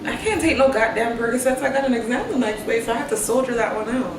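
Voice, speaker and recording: Laughing often, a young woman host tells animated stories about motherhood in a casual chat full of slangy asides. She talks fast in a slightly high voice, far from the mic, with a noisy background, roomy sound, and music playing.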